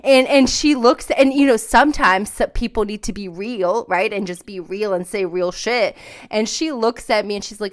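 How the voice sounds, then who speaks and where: Smooth-voiced woman podcast host. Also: medium pitch, normal speed. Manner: animated, candid storyteller. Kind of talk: casual interview chat.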